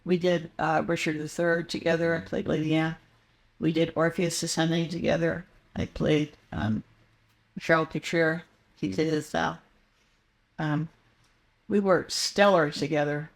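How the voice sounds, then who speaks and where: A woman's voice: low voice, flat delivery, unhurried, creaky. An older woman, a guest in a casual interview, telling meandering anecdotes with frequent fillers and restarts.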